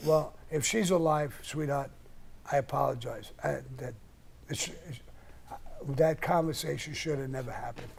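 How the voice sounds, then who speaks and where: A man's voice: fairly high pitch, moderate pace. An older man, hosting a live stream and telling blunt, profane stories in a casual way. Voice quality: gravelly. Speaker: live-stream host answering questions. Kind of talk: casual storytelling.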